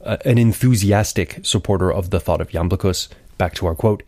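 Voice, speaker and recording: A man's voice: fairly low pitch, a little fast, hardly any pauses, a little mellow, dry recording. A man hosting a podcast, delivering a scripted lecture with wry, conversational asides. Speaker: podcast host.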